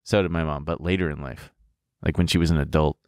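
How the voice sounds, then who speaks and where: A man's voice: a bass voice, steady tone, fast talker, no echo, studio quality. A man co-hosting a podcast, joking, teasing and swearing freely in casual banter. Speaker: podcast co-host.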